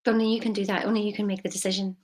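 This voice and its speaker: A woman, a money mindset coach talking casually, emphatic and chatty with soft intimate asides. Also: medium pitch, little pitch movement, racing. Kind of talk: casual motivational vlog.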